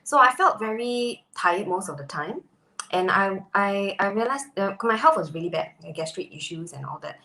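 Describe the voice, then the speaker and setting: Brief: woman panelist, bright voice, hesitant fillers, echoey room. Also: mid-range voice, animated, normal speed. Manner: reflective, hesitant with many fillers. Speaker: panel guest, former teacher. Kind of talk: panel discussion answer.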